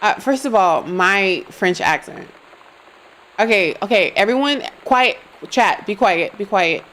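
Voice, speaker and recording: A woman's voice: medium pitch, lively intonation, a little slow, fairly bright tone, poor audio. A young woman streaming a game live, joking around and talking to her chat. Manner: playful, jokey, talks to chat. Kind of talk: live gameplay commentary.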